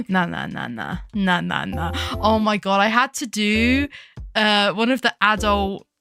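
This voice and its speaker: A young woman chatting casually on a live stream, rambling from topic to topic, giggling often and greeting her chat excitedly. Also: medium pitch, slow pace, gravelly, over music. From United Kingdom. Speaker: VTuber streamer.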